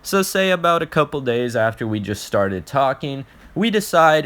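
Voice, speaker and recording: A man's voice: medium pitch, very animated, normal speed, few pauses, fairly bright tone. A young man telling an embarrassing personal story in a casual, profane vlog, often restarting his sentences.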